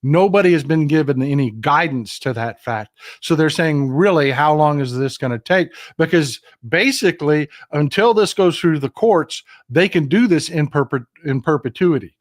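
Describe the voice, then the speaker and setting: Middle-aged man from Texas, livestream politics host, slightly high voice, emphatic and fired up, addressing viewers directly. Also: animated, moderate pace, few pauses. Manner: impassioned, emphatic, talks straight to viewers. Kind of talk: casual livestream commentary.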